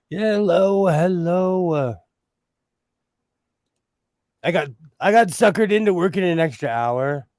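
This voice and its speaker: A man's voice: sits high, animated, takes it slowly, pauses often, no room sound, studio quality. Chatty man hosting a sewing livestream. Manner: chatty, laughs often, greets viewers warmly. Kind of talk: casual livestream chat.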